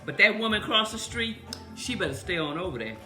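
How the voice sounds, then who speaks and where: A middle-aged woman, heated and fast-talking on a casual live stream, with loud outbursts. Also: medium pitch, expressive, over music. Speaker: vlogger on live video.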